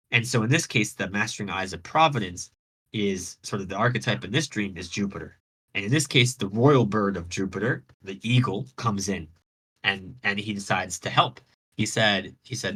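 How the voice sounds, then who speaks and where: Husky man retelling a myth casually. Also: fairly low pitch, moderate pace, sharp tone, rough recording. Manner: rambling, slangy, with many restarts. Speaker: radio show host. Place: online voice chat.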